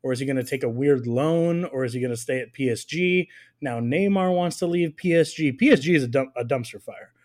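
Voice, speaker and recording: A man's voice: medium pitch, fairly quick, a little mellow. A man co-hosting a casual soccer podcast, joking and rambling, laughing often. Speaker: podcast co-host. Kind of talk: casual chat.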